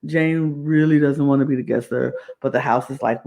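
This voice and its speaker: A woman's voice: a bass voice, fairly even intonation, normal speed, vocal fry, few pauses, darkish tone. A woman hosting a podcast, recapping a reality show in a casual, rambling way and often repeating herself. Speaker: podcast host.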